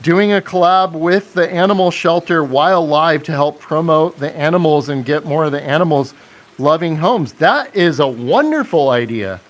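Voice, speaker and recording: Male live-stream host, slightly higher voice, unhurried, chatty with viewers. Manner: chatty, reads and answers viewer comments, laughs often. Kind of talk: casual live stream chat.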